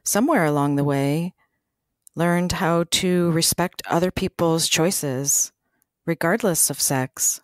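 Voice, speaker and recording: A woman's voice: on the low side, takes it slowly, dry recording, studio quality. A middle-aged woman hosting an interview, answering her guest with affirming, personal reflections. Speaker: podcast host. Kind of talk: conversational interview.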